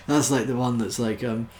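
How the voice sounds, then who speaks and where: A man's voice: medium pitch, darkish tone, roomy sound, a little hiss or hum. A British man from the UK casually reading jokes aloud in an amused, self-mocking way. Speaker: YouTuber.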